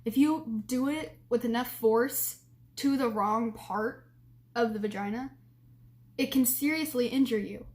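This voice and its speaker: High-voiced woman, frank and giggly. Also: a little slow, a little mellow. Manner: frank and blunt, giggly, with lots of "like". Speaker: vlogger. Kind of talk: candid storytelling and advice.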